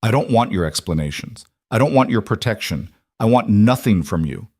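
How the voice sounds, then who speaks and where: A defiant young woman who has been rejected, as a man reads her in a storybook audiobook. Her replies come firm and clipped, in a low voice with a dry, close sound. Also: moderate pace, mellow, no room sound, natural voice.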